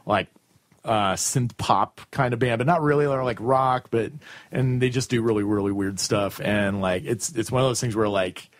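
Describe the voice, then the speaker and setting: A man's voice: fairly low pitch, normal speed, no room sound. A man hosting a casual music chat, talking in long rambling questions full of restarts and fillers. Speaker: podcast host interviewing a band.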